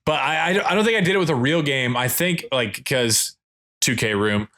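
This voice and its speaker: Bright-voiced man chatting casually. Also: mid-range voice, moderate pace. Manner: relaxed, rambling with self-conscious laughs. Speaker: podcast co-host. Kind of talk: casual chat.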